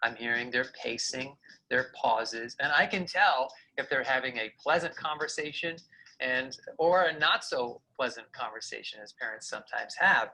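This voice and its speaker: Bright-voiced man teaching a video lesson. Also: medium pitch, rough recording. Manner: clear explanatory delivery with vocal demonstrations. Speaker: communication coach.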